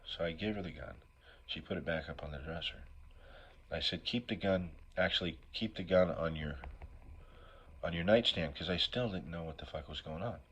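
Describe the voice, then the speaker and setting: A man's voice: deep voice, moderate pace, a bit bright, slightly rough. A middle-aged man telling an emotional personal story as a recovery speaker. He talks in a raw, profane way, keeps asking "right?", and sounds sniffly from allergies.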